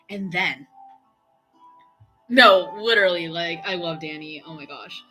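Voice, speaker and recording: A young woman streamer chatting away with a bright, forceful voice, full of fillers and acted-out quotes. Faint music plays underneath her casual storytelling. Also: mid-range voice, measured pace. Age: young adult. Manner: chatty, excitable, lots of fillers and quoted dialogue.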